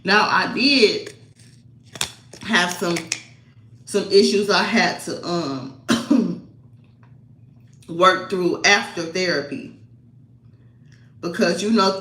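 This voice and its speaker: A woman's voice: fairly low pitch, a bit bright. Woman vlogger in an echoey room. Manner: rambling, emotional, fillers and laughs. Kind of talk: casual personal storytelling.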